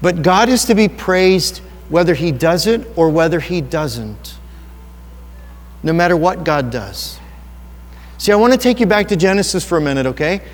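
A man with a fairly high voice preaches a sermon, speaking earnestly and personally. He asks rhetorical questions and talks to his listeners as if in conversation. His voice rings out with a long reverb in a church hall. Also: lively intonation, moderate pace. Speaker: pastor.

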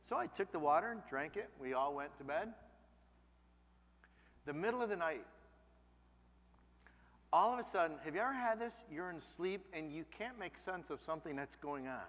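A man preaching a sermon as a pastor, telling stories in a lively, expressive way. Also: on the high side, moderate pace, pauses often, long reverb tail. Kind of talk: sermon with personal storytelling.

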